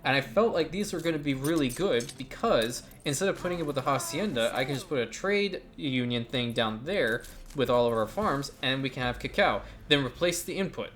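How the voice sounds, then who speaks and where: A man hosting a gaming channel, giving casual, blunt let's-play commentary with occasional quick bursts of speech. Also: mid-range voice, lively intonation, fairly bright tone.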